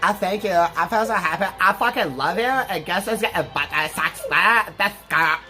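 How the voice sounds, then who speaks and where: A chirpy young farm wife, as a man puts her on in falsetto, sing-song and sweet. The voice leaps far above his own, cheery and bright. Soft game music plays underneath. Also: moderate pace. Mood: gushing.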